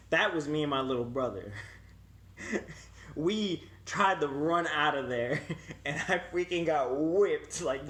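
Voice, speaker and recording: Young man telling a wild story. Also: mid-range voice. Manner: animated, swearing, acts out quotes. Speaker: vlogger. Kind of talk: casual storytelling.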